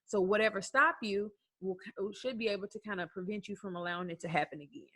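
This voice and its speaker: A woman's voice: medium pitch, fast talker, bright, forceful tone. A woman life coach talking to the camera in a conversational way, asking rhetorical questions and acting out bits of self-talk.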